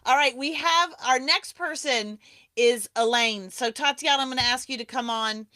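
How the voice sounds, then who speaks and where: A bright, lively woman hosts a live stream over a video call, chatty and enthusiastic with frequent laughs. Her voice is close and dry, with no room sound around it. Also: high-pitched, moderate pace, no room sound. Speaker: host of a live awards broadcast. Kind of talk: casual live-stream hosting.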